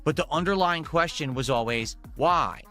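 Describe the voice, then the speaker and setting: A man's voice: fairly high pitch, normal speed, pushed and bright, soft background music. A man hosting a stream, ranting in casual chat with an incredulous tone. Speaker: streamer host.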